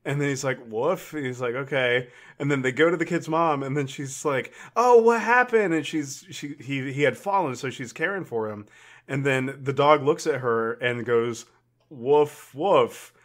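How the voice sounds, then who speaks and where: A man's voice: mid-range voice, normal speed, a bit bright. A man co-hosting a podcast, casually retelling movie scenes, acting out the characters' lines and swearing now and then. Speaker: podcast co-host. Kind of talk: casual chat.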